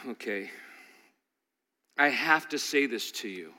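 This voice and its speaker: Impassioned preacher in a reverberant hall. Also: male voice, mid-range voice, animated, slow pace. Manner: impassioned, swings from loud exhortation to quiet intensity. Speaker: pastor. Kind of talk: sermon. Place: large church hall.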